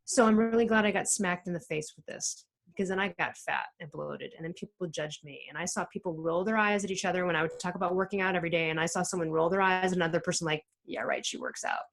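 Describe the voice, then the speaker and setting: A middle-aged woman, a guest author on a podcast, telling her story in an animated, emphatic way with many restarts. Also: lowish voice, fast talker, few pauses, rough recording. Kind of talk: casual interview chat.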